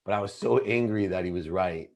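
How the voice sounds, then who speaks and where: A man's voice: deep voice, a little fast, darkish tone. A middle-aged man, a podcast guest, telling a personal story in an earnest, intense way and often restarting mid-sentence. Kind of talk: confessional storytelling in an interview.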